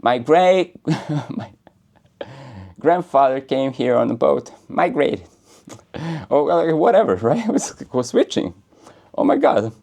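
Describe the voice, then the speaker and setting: A man's voice: mid-range voice, very animated, takes it slowly, vocal fry, long pauses, mellow. A man giving a casual, rambling spiritual talk in a playful, joking way and laughing often. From United States. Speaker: spiritual speaker.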